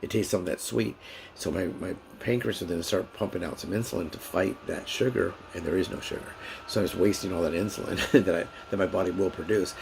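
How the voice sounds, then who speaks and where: A man's voice: deep voice, quick pace, creaky, background noise. A man talking casually in a rambling vlog monologue, repeating himself and restarting sentences often. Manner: rambling, repetitive, many restarts and fillers. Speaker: vlogger.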